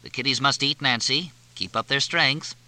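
A man's voice: medium pitch, normal speed, pushed and bright, no room sound, pitched above the performer's own voice. A man voicing a mild-mannered, prim father soothing his wife in a fussy way, in an audiobook.

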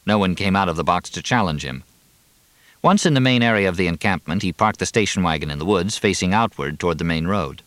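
A man reading a novel aloud in an even, measured narration. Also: sits low, no echo. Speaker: audiobook narrator. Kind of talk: scripted narration.

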